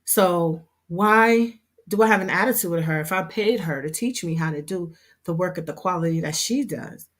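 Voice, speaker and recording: Woman, low voice, casual livestream chat, laughs a lot, fillers and restarts. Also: moderate pace. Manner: chatty, laughs often, lots of fillers and restarts. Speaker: hair business owner and instructor.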